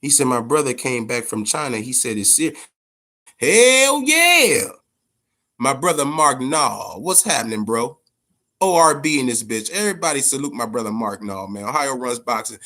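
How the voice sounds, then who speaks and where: A man hosting a boxing podcast, talking casually and profanely, telling stories in an animated way with big swings in pitch. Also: brisk. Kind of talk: casual unscripted commentary.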